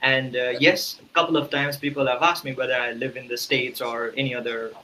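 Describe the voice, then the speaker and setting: A man's voice: medium pitch, little pitch movement, fairly quick, sharp tone, a little hiss or hum, poor audio. A man from India, a guest in an interview, explaining earnestly with examples and fillers. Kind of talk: casual interview talk.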